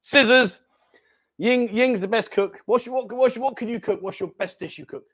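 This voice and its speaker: A man hosting a lively live-stream chat in a bar, bossy and jokey, calling everyone mate. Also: very high-pitched, moderate pace, husky. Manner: jokey, bossy banter, calls people mate. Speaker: host.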